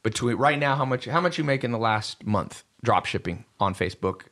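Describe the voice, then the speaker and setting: Male host, brash storyteller, casual chat, mid pitch. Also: lively intonation, a little fast, a bit bright. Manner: brash storytelling, swears freely. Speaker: podcast host. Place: studio table with guests.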